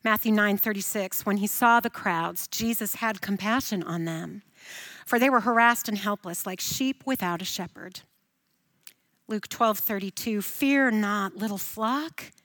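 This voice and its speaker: A woman preaching a sermon, swinging from emphatic, raised lines to soft, hushed reassurance. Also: mid-range voice, expressive, unhurried, dry recording.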